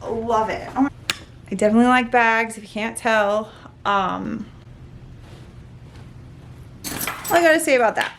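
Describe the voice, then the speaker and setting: A woman vlogging a casual unboxing, gushing and excitable, often talking to herself. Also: fairly high pitch, measured pace, long pauses, slight background noise.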